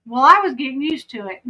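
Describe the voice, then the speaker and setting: A woman's voice: high voice, lively intonation, normal speed, bright, forceful tone, low-quality recording. A woman with a Southern accent giving casual true crime commentary, chatty and often breaking off to aside. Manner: chatty, self-interrupting.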